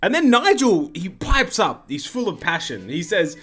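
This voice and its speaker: A man's voice: high voice, sing-song, moderate pace, fairly bright tone. A man hosting casual game commentary, rambling and joking and often interrupting himself. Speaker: gaming video host.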